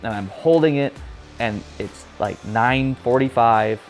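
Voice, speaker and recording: A man, a pro angler, telling tournament stories casually with laughs and animated retellings. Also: medium pitch, measured pace, faint music behind. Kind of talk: casual interview storytelling.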